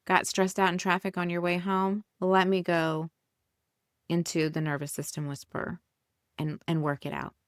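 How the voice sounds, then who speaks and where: A woman's voice: fairly low pitch, little pitch movement, moderate pace, smooth, no echo, clean studio sound. A woman hosting a podcast, talking casually and soothingly as she guides listeners through breathing. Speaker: podcast host and coach.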